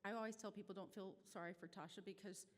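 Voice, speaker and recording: A middle-aged woman with a Midwestern American accent speaks at a charity brunch. She tells a story in a chatty, self-deprecating way, her pitch in a middle range. Her voice rings out with a long reverb through a banquet hall. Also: fairly even intonation, fast talker. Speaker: nonprofit staff speaker.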